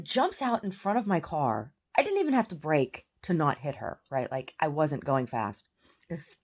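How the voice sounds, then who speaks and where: A woman's voice: rumbling low, creaky, darkish tone. A woman telling an angry story in a casual, profane rant with stammered restarts, at home. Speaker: vlogger. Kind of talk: casual ranting monologue.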